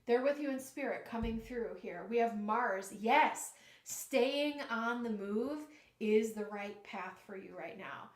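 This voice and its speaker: Earnest tarot-reading woman, echoey room. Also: a little high. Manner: earnest, emotional, halting with restarts. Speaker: tarot reader.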